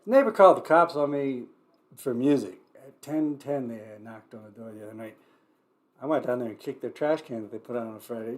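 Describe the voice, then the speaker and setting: Guy rambling on his variety show livestream, mid-pitched, goes off on tangents, dry jokes and some cursing. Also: animated, normal speed, a little mellow. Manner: rambling, digressive, with wry asides and swearing. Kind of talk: casual rambling livestream chat.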